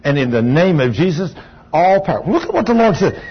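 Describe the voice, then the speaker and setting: Preacher guy, husky voice a bit high, fiery folksy sermon, dull lo-fi sound. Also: sing-song, normal speed. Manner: fervent, folksy storytelling with Southern dialect. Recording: dull lo-fi recording. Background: congregation saying amen.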